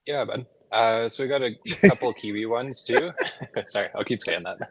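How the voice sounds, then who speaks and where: A man's voice: mid-range voice, normal speed, poor audio. A man from Canada, a guest on a podcast, chatting casually in an easygoing way and laughing often. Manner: laid-back, easygoing, laughs a lot. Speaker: brewery guest.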